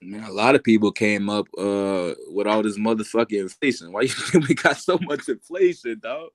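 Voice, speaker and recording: A man with a lowish voice speaks bluntly in casual chat, pressing with questions and swearing. The recording is dry. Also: normal speed, no echo.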